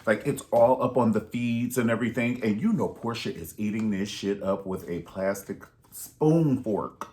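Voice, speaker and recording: A man's voice: lowish voice, moderate pace, hardly any pauses, warm tone. A man giving sassy, profane, rambling gossip commentary in a vlog.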